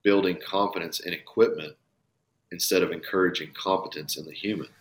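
His low voice moves briskly with fairly even intonation. As a bowhunter on a casual podcast, he makes his points earnestly and forcefully, swearing from time to time.

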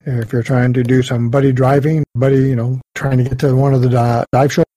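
Male co-host, mid pitch, warm dark tone, easygoing storyteller. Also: level tone, brisk, no echo. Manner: easygoing storyteller, frequent "you know". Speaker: podcast co-host. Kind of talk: casual podcast chat.

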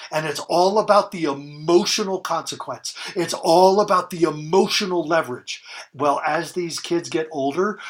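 A man's voice: a little high, a bit bright. A man in his fifties, a guest on a podcast, giving parenting advice in an emphatic way and repeating key phrases for stress. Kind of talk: conversational advice in a podcast interview.

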